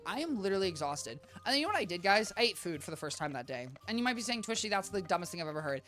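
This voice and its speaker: A game streamer rambles and chats with his viewers while he plays, calling them "guys." His mid-range voice is bright and forceful but sounds a little worn out.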